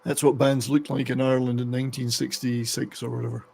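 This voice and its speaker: Talking fast in a creaky, gravelly voice, a podcast host rambles through a laid-back conversation on rock music. He breaks off now and then to read passages aloud, his pitch sitting in the middle of the male range.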